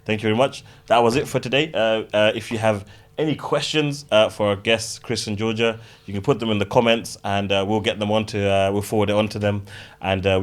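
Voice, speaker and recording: Fast-talking male podcast host. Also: on the low side. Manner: friendly, thanking guests at length. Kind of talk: casual podcast chat.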